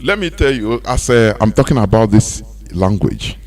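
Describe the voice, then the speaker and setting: Faint music plays behind a man whose voice is lowish and darkish, with lively intonation at a normal speed. He's a Nigerian-accented radio host in a studio, giving a preachy, impassioned monologue of rhetorical questions that slides into sing-song emphasis.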